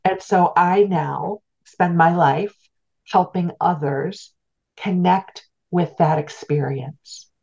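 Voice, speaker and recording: Taking it slowly, a middle-aged spiritual teacher shares a personal story as an interview guest in a darkish voice on the low side, with vocal fry and a breathy edge. She speaks earnestly and reflectively, restarting often and repeating words. The recording is dull and lo-fi.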